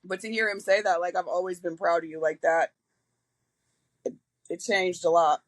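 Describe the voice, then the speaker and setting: A woman's voice: fairly low pitch, fairly even intonation, normal speed, no echo, low-quality recording. A woman in her forties speaks plainly and openly as a podcast guest, swearing now and then as she talks through her own past. Her voice is close and dry, with no room sound around it. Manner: candid, frank storytelling with casual swearing. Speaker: guest, reentry liaison. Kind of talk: casual podcast interview.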